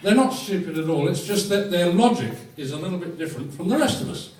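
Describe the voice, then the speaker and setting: A man serving as fines master at a club dinner, telling jokes in a dry, deadpan way to a live audience. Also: sits high, quick pace, distant mic. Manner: dry, deadpan joke delivery. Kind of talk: joke-telling fines session. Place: function room with audience. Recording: roomy hall recorded from afar with crowd.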